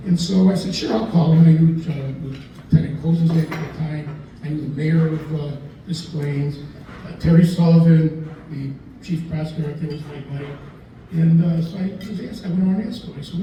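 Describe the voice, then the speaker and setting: An older man tells rambling stories at a dinner gathering, slipping into the voices of the people he quotes. His voice is dark and mellow, pitched a little high for a man. He sounds far from the microphone, in a very echoey room with a faint hum behind him. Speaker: lawyer telling stories at a dinner talk. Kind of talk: anecdotal after-dinner storytelling. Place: dinner event in a restaurant room.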